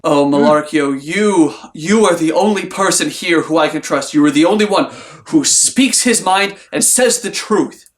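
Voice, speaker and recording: An actor playing Orazio, an overwrought young lover who wails and laments in a stage comedy. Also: male voice, on the high side, normal speed, faint music behind, natural voice. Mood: distraught. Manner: wailing, overwrought.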